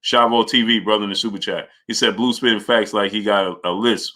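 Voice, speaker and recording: A man hosting a live boxing stream, greeting viewers by name and arguing his points forcefully. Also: lowish voice, steady tone, fairly quick. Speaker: boxing channel host. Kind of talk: live-stream chat and commentary.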